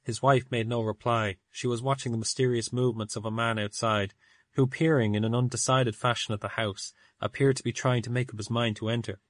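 A man narrating an audiobook in a measured storytelling manner. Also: mid-range voice, steady tone, no room sound. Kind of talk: audiobook reading.

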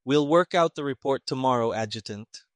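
A man voicing an irritable, sarcastic male army colonel who speaks gruffly and emphatically. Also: mid-range voice, normal speed, no room sound, natural voice.

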